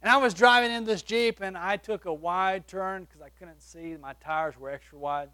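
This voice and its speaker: A man preaching, telling a personal testimony with animated shifts between loud and soft. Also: high voice, moderate pace. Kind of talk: sermon testimony story.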